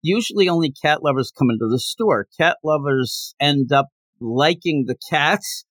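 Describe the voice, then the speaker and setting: A man retells a manga plot in an animated, restless way, his voice pitched a bit high and swinging widely. He chats casually as a podcast host, with dry, close sound. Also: moderate pace, no echo. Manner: animated storytelling with many restarts. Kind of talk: casual manga review chat.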